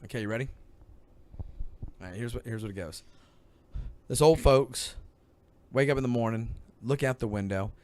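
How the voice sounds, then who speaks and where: A man hosting a podcast, telling funny stories in an animated, laughing way. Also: medium pitch, moderate pace, pauses often. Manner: animated storyteller, bursts of laughter. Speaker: podcast host. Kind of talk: casual chat, storytelling.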